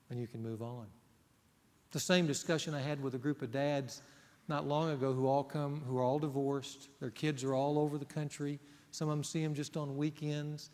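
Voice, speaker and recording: A male pastor delivers a sermon with earnest emphasis, pressing hard on key words and then dropping to a near hush. His voice sits on the high side for a man. It rings out with a long reverb, as if it fills a large church sanctuary. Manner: earnest, emphatic preaching that swings between loud and hushed.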